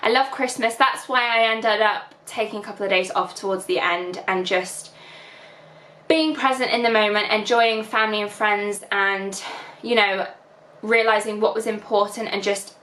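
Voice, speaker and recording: A woman's voice: mid-range voice, moderate pace, fairly bright tone, echoey room. A woman in her twenties with a Northern English accent, chatting casually to camera as a vlogger, full of fillers and at times close to tears. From England. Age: 20s. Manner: chatty, many fillers, emotional and teary at times. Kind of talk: casual reflective vlog chat.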